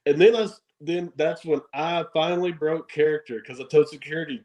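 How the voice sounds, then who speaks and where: Wrestler guy on a podcast telling wild stories, acts out the yelling, keeps laughing. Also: fairly high pitch, a little fast, low-quality recording. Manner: animated storyteller, acts out shouted quotes, laughs often. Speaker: professional wrestler guest. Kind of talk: casual storytelling interview.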